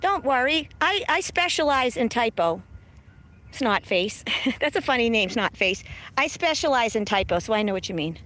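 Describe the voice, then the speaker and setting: A high-pitched woman chatting brashly on a livestream, filmed outdoors on a phone. She mocks her viewers, swears freely and laughs a lot. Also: very animated, normal speed, fairly bright tone. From south of Boston, USA. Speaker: livestream host. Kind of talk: casual livestream chat. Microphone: phone camera.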